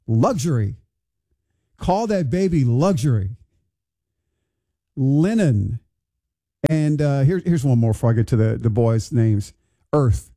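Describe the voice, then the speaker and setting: Man, morning radio host, casual chat, bemused, warm mellow tone, somewhat high pitch. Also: sing-song, measured pace, pauses often. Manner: bemused, wondering aloud, conversational. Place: radio studio.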